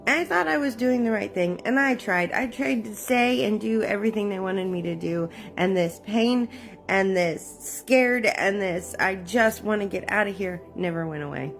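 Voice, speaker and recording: A woman telling her own story of fear and prayer in a candid, halting way, with many fillers and emotional pauses. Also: medium pitch, expressive, creaky, faint music behind. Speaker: memoir narrator. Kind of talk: personal testimony, casual storytelling.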